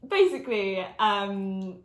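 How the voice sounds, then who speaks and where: A woman's voice: medium pitch, big pitch swings, slow pace. A twenty-year-old English woman from Essex, hosting a casual chat while eating and laughing often. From Essex, England. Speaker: YouTube host. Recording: roomy echo.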